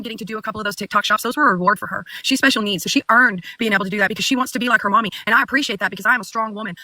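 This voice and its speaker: A woman's voice: medium pitch, bright, forceful tone, no room sound. A woman on a livestream arguing defensively and insistently, often repeating her points. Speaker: livestream guest. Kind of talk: heated livestream argument.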